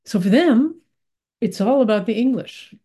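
A woman's voice: fairly high pitch, animated, moderate pace, warm tone, husky. An American woman, middle-aged, giving a reflective spiritual talk in a thoughtful, meandering way with many fillers and restarts. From United States.

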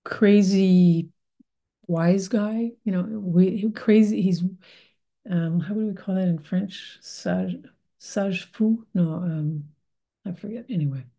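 A woman's voice: mid-range voice, slow, mellow. An American woman, middle-aged, giving a reflective spiritual talk in a thoughtful, meandering way with many fillers and restarts. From United States.

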